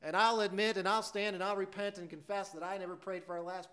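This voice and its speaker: A man preaches a sermon, earnestly and emphatically telling a story, now and then stumbling over a word and restarting. His voice is high-pitched and a bit bright, with little pitch movement, and he talks at a quick pace.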